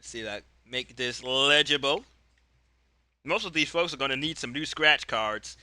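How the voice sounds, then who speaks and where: A man's voice: medium pitch, measured pace, sharp tone, no echo, studio quality. A man narrating a solo tabletop wrestling game in a rambling, cheerful way, often correcting himself.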